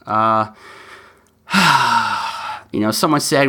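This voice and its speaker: A man's voice: medium pitch, lively intonation, normal speed, a bit bright. Earnest pleading male podcast host. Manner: earnest and pleading, with frequent fillers. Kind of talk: solo podcast monologue.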